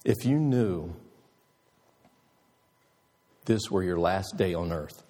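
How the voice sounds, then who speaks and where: A man's voice: low voice, moderate pace, few pauses, warm tone. A man preacher telling a moving story in an earnest sermon, ending with a pleading appeal. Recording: reverberant hall.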